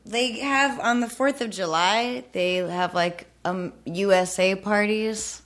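A woman's voice: medium pitch, slow pace, fairly bright tone. A woman on a podcast hesitantly prompting another guest to tell a story. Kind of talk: casual podcast chat.

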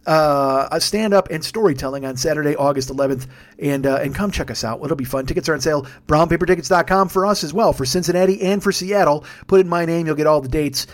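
Tired, profane comedian rambling through plugs. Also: male voice, on the high side, fast talker. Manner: profane, rambling, self-mocking. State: tired, yawning. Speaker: podcast host; stand-up comedian. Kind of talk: casual late-night monologue with plugs.

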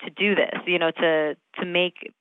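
A woman in her thirties, an actress talking casually in an interview, animated, laughing often and full of fillers. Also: on the low side, normal speed, clean tone, dry recording, phone-quality sound. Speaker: actress guest.

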